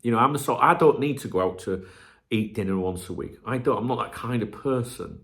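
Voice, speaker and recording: Middle-aged bloke, channel host, chatty and sweary, voice swings up and down a lot. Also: male voice, medium pitch, expressive, fairly quick, a bit bright. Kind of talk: casual chat.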